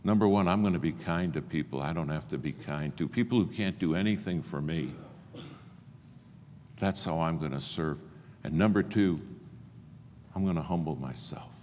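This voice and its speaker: An older man preaching a sermon, telling stories and acting out the dialogue with big swings in pitch and loudness. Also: normal speed, pauses often, a little hiss or hum. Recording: long hall reverb, faint ambience.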